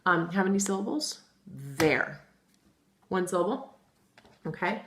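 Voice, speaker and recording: A woman with a low voice teaches a phonics lesson to young children. She speaks patiently and addresses them directly, slowly spelling out each word letter by letter. She sounds middle-aged. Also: lively intonation, fairly bright tone, slight background noise. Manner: talks directly to children as guys.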